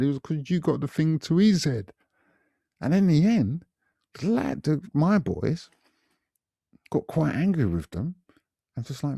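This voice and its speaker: A man, telling a story on a podcast in a casual, animated way, repeating himself and adding asides. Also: a little high, a little slow, vocal fry, pauses often, slightly rough, dry recording, dull audio. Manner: animated, repetitive retelling with frequent asides. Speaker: podcast guest recalling past events.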